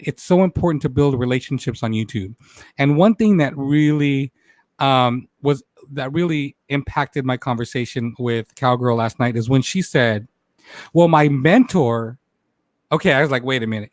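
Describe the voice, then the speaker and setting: A man hosting a casual live-stream talk show, animated, greeting viewers by name and laughing often. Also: mid-range voice, normal speed, no room sound.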